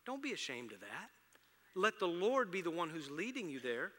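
A middle-aged man preaching a sermon as pastor, conversational and shifting between loud emphatic passages and soft ones. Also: sits high, big pitch swings, normal speed. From Houston, Texas area. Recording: long reverb of a large hall.

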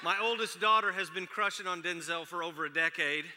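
Speaking fairly quickly, this forty-something pastor has a high voice that sounds pushed and bright. His sermon is full of chatty, self-deprecating family stories, echoing with the long reverb of a big hall.

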